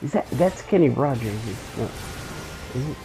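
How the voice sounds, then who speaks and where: Gravelly-voiced man rambling through a story. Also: mid-range voice, lively intonation, normal speed, music in the background, poor audio. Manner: swears freely, restarts sentences. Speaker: game streamer.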